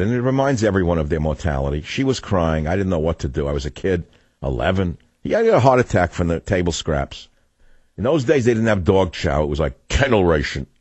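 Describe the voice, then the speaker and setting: A New talk radio host with a low, husky voice tells rambling, sardonic stories that drift from one subject to another. His voice sits close and dry on a studio microphone with no room sound around it. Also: dry recording. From New York. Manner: rambling, digressive, sardonic storytelling.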